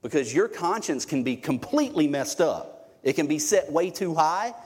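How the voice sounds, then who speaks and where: A man's voice: fairly high pitch, animated, moderate pace, a little mellow, husky. Male pastor, middle-aged, casual joking sermon delivery, live church hall reverb. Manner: conversational, joking, emphatic preaching. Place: church sanctuary.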